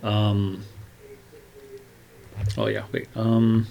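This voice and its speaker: Speaking extremely slowly in a low, gravelly, level voice, a man mutters his thoughts aloud as he writes, meandering and trailing off. He talks into a glove-covered mic with a keyboard tapping in the background. The sound is lo-fi.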